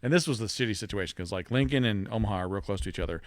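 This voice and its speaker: A man co-hosting a casual podcast, telling road stories in an animated way and laughing through them. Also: lowish voice, racing, slight background noise. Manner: animated storyteller, laughs through his tales. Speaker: podcast co-host. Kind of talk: casual chat.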